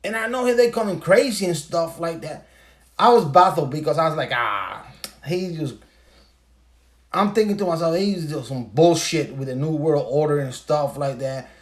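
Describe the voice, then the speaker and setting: A man in a loose monologue, retelling a story and swearing freely. His voice sits a little high for a man. He hammers his points home with rhetorical questions. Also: animated, moderate pace. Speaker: podcast host. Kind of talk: casual ranting monologue.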